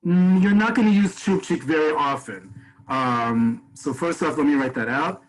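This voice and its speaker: A man with a husky voice leads a webinar over a video call. He explains each point step by step and stops to take questions from the chat. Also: a little high, normal speed, rough recording. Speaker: Hebrew teacher. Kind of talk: webinar teaching.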